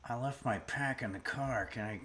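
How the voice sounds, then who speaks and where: A man putting on the voice of a gruff old-time movie tough guy who bums cigarettes, in a low murmured drawl. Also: normal speed, a bit bright, natural voice. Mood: wheedling.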